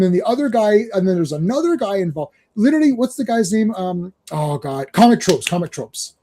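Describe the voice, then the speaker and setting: A man hosting a casual comics chat, rambling and excited, laughing often as he talks. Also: high-pitched, brisk, few pauses. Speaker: podcast host.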